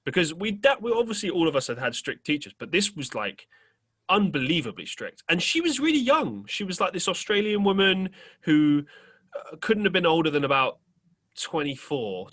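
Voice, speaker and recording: A man's voice: on the high side, sing-song, moderate pace, fairly bright tone, husky. A young man hosting a podcast, telling a rambling story in casual chat, full of fillers and casual swearing. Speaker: podcast host.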